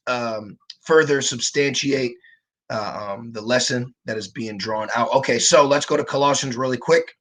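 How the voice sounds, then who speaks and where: A man's voice: mid-range voice, fairly bright tone. A man giving a livestreamed scripture lesson from his computer, hesitating often with fillers and checking in with listeners. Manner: frequent "okay" and "all right" check-ins with listeners. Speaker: religious teacher.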